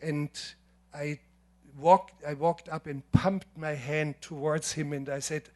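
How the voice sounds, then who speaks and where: Older man, German accent, lecture storytelling, slightly high voice, measured and emphatic. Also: fairly even intonation, darkish tone. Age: 70s. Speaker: filmmaker giving a masterclass. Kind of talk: lecture with anecdotes. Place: lecture hall.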